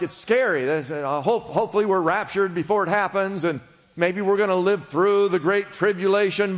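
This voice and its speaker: A man preaches in a church sanctuary with a slightly raised pitch. His voice carries a long reverb through the hall. He teaches patiently and gets the congregation to repeat words back to him. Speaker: pastor. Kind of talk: sermon.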